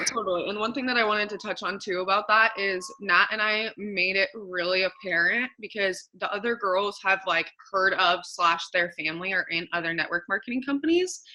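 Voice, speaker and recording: A woman's voice: mid-range voice, pushed and bright, poor audio. A young woman in casual chat, earnest and enthusiastic, stressing her points with emphasis. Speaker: co-host.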